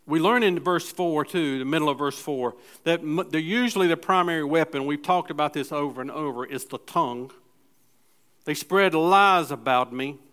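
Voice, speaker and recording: A middle-aged man preaching a sermon in a church, his voice pitched a little higher than most men's. He talks in a conversational way, stumbling over restarts now and then and slipping into little acted-out voices to make a point. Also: a little fast, few pauses, a bit bright. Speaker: pastor.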